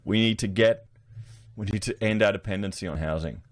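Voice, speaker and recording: A man's voice: lowish voice, a little fast, no room sound. A man with an Australian accent giving blunt, casual commentary to his online viewers, often calling them guys. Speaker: political commentary YouTuber.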